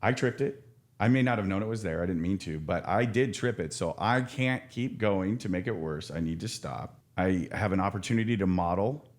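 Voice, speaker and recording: A man's voice: low-pitched, moderate pace. A man working as an addiction counselor, talking frankly and earnestly in a casual podcast conversation, with many restarts and the odd swear word.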